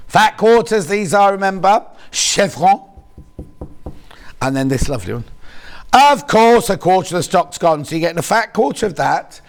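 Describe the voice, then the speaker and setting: Male shopping-channel host, lively sing-song delivery, teasing and chatty, a bit gravelly. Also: sits high, normal speed, a little hiss or hum. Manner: chatty, playful, teasing, reads viewer messages aloud. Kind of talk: live on-air selling chat.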